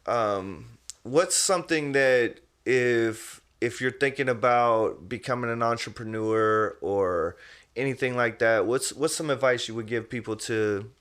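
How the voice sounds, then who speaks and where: A man's voice: mid-range voice, measured pace, fairly bright tone. A young adult man hosting a podcast, telling stories loosely and casually, full of "you know what I mean" and "man". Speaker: podcast host. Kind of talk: casual interview chat.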